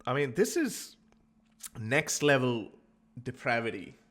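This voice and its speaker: A man's voice: medium pitch, sing-song, slow, fairly bright tone. Mocking man laughing through commentary. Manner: mocking, laughs often, stammers when flustered. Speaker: YouTube commentator. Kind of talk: comedic commentary vlog.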